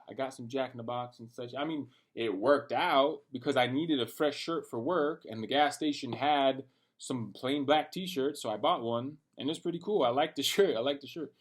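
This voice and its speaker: A young man telling a rambling, animated story about his night, full of slang and cursing. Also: mid-range voice. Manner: rambling and animated, talking to himself with lots of slang and profanity. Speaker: vlogger. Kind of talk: late-night personal rant.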